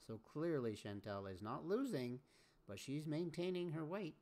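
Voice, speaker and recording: A man's voice: fairly high pitch, expressive, normal speed, a little mellow. A man hosting casual reaction commentary, scolding and chiming in with repeated agreement. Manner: scolding, repeats catchphrases like 'amen'. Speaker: commentary host.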